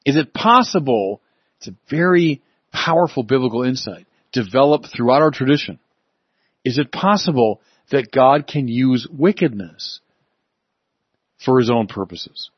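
A man delivers a sermon with a husky, slightly breathy voice, leaning hard on key words and slowing down to stress them. He sounds close and dry, with a dull, muffled top end. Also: mid-range voice, expressive, no echo. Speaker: preacher.

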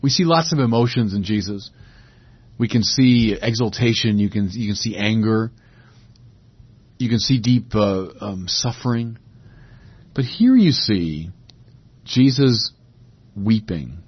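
Male preacher, husky and dry, lo-fi recording; reflective sermon with emphatic swells. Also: lowish voice, expressive, a little slow, pauses often, no room sound.

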